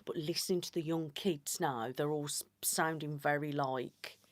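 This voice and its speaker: A woman with a Staffordshire accent, hosting an ASMR live stream and chatting in a rambling, casual way that slips into soft whispered asides. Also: sits low, steady tone, normal speed, no echo. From Staffordshire, England. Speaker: ASMR channel host.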